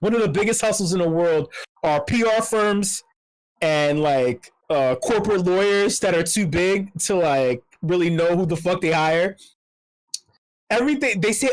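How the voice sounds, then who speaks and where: Ranting meetup speaker: swears constantly, repeats words, pitch swinging up and down. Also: normal speed, poor audio. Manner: animated, jumping between high and low pitch. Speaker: speaker at a web3 community meetup. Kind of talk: profane ranting commentary.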